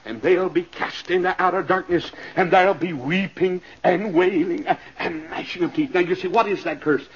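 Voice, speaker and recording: A man preaching a revival sermon in a church, dropping to low asides and then bursting into shouted climaxes, heard on a 1970s LP recording. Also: normal speed, breathy edge, muffled recording. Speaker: evangelist.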